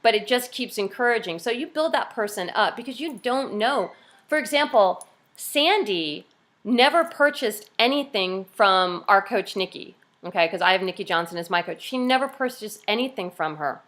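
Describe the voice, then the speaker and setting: A woman's voice: mid-range voice, lively intonation, normal speed, fairly bright tone. A woman coaching her team on a video call, chatty and upbeat, acting out cheerful quotes now and then.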